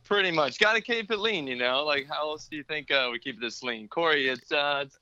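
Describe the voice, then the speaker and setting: Teasing man with a sharp, bright voice. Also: a little high, brisk, muffled recording, a little hiss or hum. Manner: dry, teasing humor. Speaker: guest. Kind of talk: casual chat.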